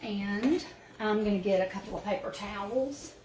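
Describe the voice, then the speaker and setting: A woman's voice: mid-range voice, normal speed. A woman hosting a casual cooking demonstration from her small cabin kitchen, homey and chatty. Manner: homey, chatty, talks to viewers as y'all. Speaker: cooking show host. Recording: echoey room with clear background noise.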